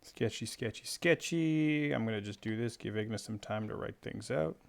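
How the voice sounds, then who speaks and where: A man's voice: on the low side, fairly even intonation, fairly quick, gravelly. A man teaching a drawing tutorial in a playful, chummy, jokey way. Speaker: art instructor.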